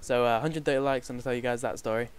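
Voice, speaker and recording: A man's voice: medium pitch, fairly even intonation, quick pace, clear, resonant tone. A young man vlogging, telling a personal story to camera in a rambling, casual way, swearing freely and often restarting his sentences. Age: young adult.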